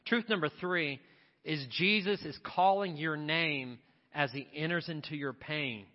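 A man's voice: fairly high pitch, a little slow. A man pastor delivering an impassioned sermon in a church, building to repeated refrains. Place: church sanctuary. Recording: dull audio with long hall reverb.

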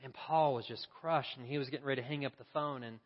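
A man telling a story in a sermon, lively and acting out the voices of its people. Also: mid-range voice, fast talker, long reverb tail, muffled recording. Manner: animated, acts out the voices in his story. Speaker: preacher.

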